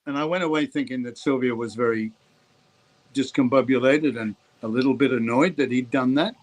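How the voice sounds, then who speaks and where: An older Australian actor being interviewed, telling anecdotes in a rambling way with plenty of ums and restarts. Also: male voice, mid-range voice, brisk, low-quality recording. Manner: warm anecdotal, hesitant with ums. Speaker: actor guest. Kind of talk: interview storytelling.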